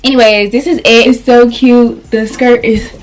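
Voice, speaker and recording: A woman's voice: a little high, fairly even intonation, moderate pace, slight background noise. A young woman vlogger chatting casually through a clothing haul, a little out of breath, rambling and calling her viewers y'all.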